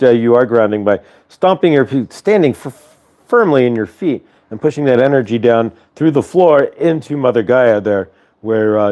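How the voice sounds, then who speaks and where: A man's voice: medium pitch, a little mellow. A man hosting a spiritual morning livestream, talking loosely with many fillers and leading guided breathing on a clip-on mic at home. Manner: loose, rambling, full of filler words. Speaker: host of a spiritual morning show. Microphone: clip-on lapel mic.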